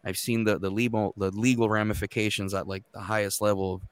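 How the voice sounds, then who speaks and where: A man's voice: lowish voice, fast talker, clear, resonant tone. A man in his thirties, a court interpreter, telling stories in casual, profane podcast chat. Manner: profane, animated storytelling.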